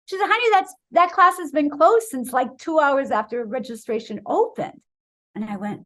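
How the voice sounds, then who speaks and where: Lively high-voiced woman in her sixties. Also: fast. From Wisconsin, USA. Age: 60s. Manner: animated storyteller, acts out quoted voices. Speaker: guest. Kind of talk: storytelling interview.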